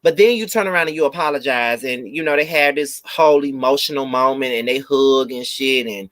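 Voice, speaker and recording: A man's voice: medium pitch, fairly quick, a bit bright. A man hosting a live review, ranting emphatically to his viewers with blunt, profane repetition. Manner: blunt, swears freely. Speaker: video host and reviewer.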